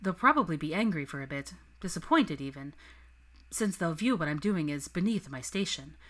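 A woman reading the lines of a refined, headstrong young witch in a crisp, determined manner. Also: low voice, animated, normal speed, a bit bright.

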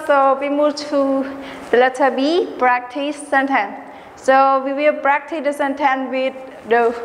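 A woman with a Khmer accent teaching an English lesson to children, slowly and patiently, spelling words out letter by letter. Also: high-pitched, in a large hall, slight background noise.

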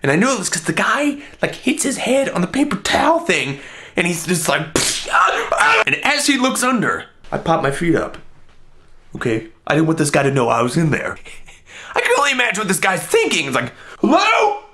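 Young male comic storyteller, high voice that swoops a lot, playing every beat up. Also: brisk. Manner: animated, exaggerated comic delivery. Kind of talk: comedic story monologue.

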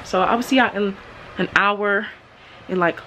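A woman's voice: medium pitch, normal speed, pushed and bright, a little hiss or hum. A teenage girl vlogging on her phone, talking casually and expressively to her viewers in slangy speech. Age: teens. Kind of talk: casual vlog talk to camera.

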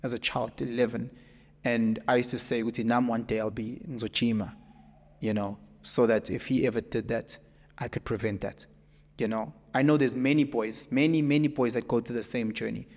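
Casual south african guy on a podcast, animated storyteller, echoey room with long reverb. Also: medium pitch, moderate pace. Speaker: podcast guest. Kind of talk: casual conversation.

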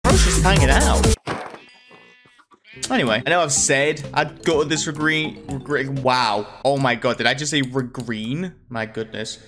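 A man's voice: medium pitch, fairly even intonation, normal speed, hardly any pauses, music in the background. A man giving casual, rambling, self-mocking commentary while playing a video game. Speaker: gaming video host.

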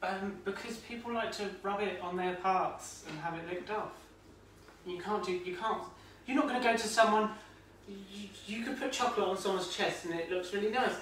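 A man's voice: sits high, moderate pace, fairly bright tone. A man co-hosting a casual home cooking vlog, rambling with crude humour. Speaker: co-host. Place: home kitchen. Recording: echoey kitchen, distant mic, noisy.

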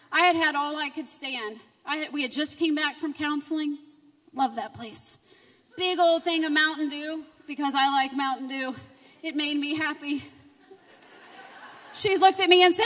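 High bright-voiced woman preaching in echoing hall. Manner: emotional, swings from quiet storytelling to loud fervent preaching. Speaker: conference speaker. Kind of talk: personal testimony sermon. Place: church sanctuary. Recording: reverberant hall, distant mic.

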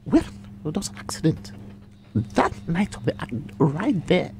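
A man with a breathy, breaking voice that often drops near a whisper, telling a story animatedly as a guest in a radio studio. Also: on the high side, unhurried, a little hiss or hum. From Ghana. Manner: animated, emphatic, repeats himself. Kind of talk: casual radio interview, storytelling.

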